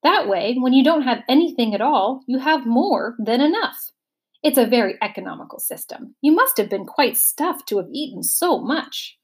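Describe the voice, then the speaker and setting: A woman voicing a brisk, matter-of-fact male magician in a storybook reading. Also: sits high, animated, husky, exaggerated voice.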